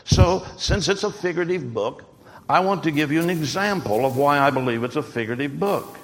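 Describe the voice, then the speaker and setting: A man's voice: fairly high pitch, lively intonation, fairly quick, a little hiss or hum. Man, preacher, emphatic sermon delivery, rhetorical questions, long hall reverb.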